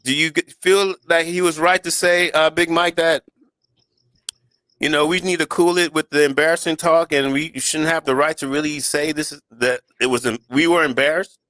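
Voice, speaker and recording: A man's voice: fairly high pitch, steady tone, normal speed, pushed and bright, dry recording. A man hosting a casual sports radio talk show, rambling and restarting as he reads out listener comments.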